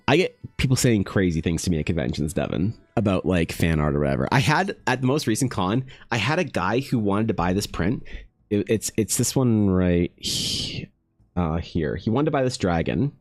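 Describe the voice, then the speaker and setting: Rambling low-voiced man chatting on stream. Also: animated, normal speed, no room sound. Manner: rambling, self-deprecating, talks to chat by name. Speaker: artist streaming live. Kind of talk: casual chat on a live stream.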